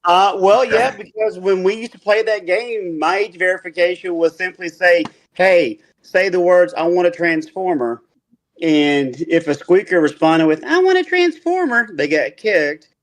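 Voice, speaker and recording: A man with a slightly high voice co-hosts a casual livestream chat. He talks bluntly and jokes around. He joins the call from his phone. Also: steady tone, a little slow. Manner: blunt, joking. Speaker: co-host.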